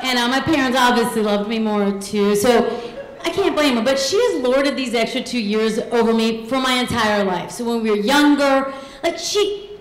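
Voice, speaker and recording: A woman in her thirties tells a comic true story to a live audience, and her voice sits high. She pokes fun at herself and acts out the other people in the story. The recording carries the echo of the venue. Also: moderate pace, slight background noise. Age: 30s. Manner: comic, self-deprecating, acts out quoted voices.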